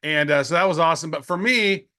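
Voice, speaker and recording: Bright, excitable male podcast co-host. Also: on the high side, fast talker. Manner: excitable, slangy, laughs often. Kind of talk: casual podcast chat.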